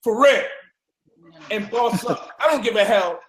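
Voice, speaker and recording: Brief: man, higher pitch, forceful profane preacher, roomy echo. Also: a little slow. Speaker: speaker in a debate. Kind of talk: heated discussion.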